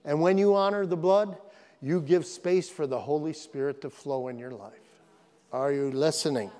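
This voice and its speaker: A man's voice: on the high side, moderate pace, dark tone, long reverb tail. A man preaching a sermon to his congregation, emphatic, repeating phrases and asking if they are listening. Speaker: pastor. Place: church sanctuary.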